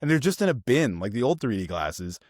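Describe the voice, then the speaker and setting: Man, podcast co-host, casual film chat, animated storyteller, mid-pitched voice, dry close sound. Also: brisk, no room sound. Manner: animated storytelling, acts out quoted people.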